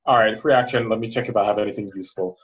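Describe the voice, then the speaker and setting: A man with a Jamaican accent playing a tabletop game, hesitant and stuttering with excitement. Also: on the low side, very fast, dull audio. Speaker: player.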